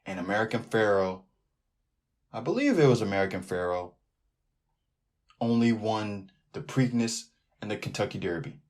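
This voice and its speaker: A man hosting a sports podcast alone, talking in a loose, animated way that keeps drifting off into tangents. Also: fairly low pitch, moderate pace, long pauses. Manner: rambling, animated, riffs off on tangents. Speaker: podcast host. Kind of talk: casual sports podcast monologue.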